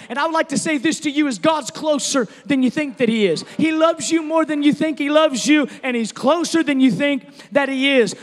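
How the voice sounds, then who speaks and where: A man's voice: extremely high pitch, moderate pace, hardly any pauses, long reverb tail. A man preaching a sermon as pastor, talking conversationally and telling stories, rising at times to emphatic declarations.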